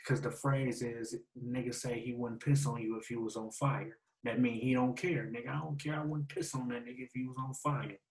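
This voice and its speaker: A man hosting a casual breakdown of battle rap lines, repeating and slowly spelling out the wordplay in street slang. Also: medium pitch, steady tone, rough recording.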